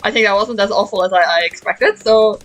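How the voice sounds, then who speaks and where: A young woman streamer with a mid-range voice chats casually and fairly quickly while playing a video game, giggling and repeating words as she thinks. The audio is poor, with faint game music in the background.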